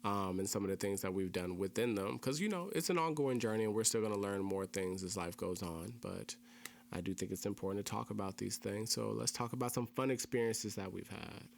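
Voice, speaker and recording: A very deep-voiced young man hosts a casual podcast chat and explains his views earnestly and at length. He often repeats key phrases for emphasis. A faint hum sits under the recording. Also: fairly quick, vocal fry. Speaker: podcast host.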